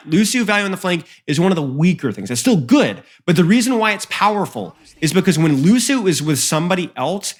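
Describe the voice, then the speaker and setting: A man coaching through a recorded match, his voice sitting a bit higher than most men's. He breaks down plays bluntly and with emphasis, often repeating words as he goes. The delivery is analytical and direct. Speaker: esports coach. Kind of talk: analytical game review.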